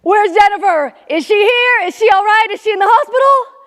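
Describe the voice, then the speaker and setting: A woman on stage voicing a father, a middle-aged man who is worried about his daughter, then gentle with her. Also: on the high side, slow pace, voice pushed down. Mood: frantic. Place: live theater stage. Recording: reverberant hall.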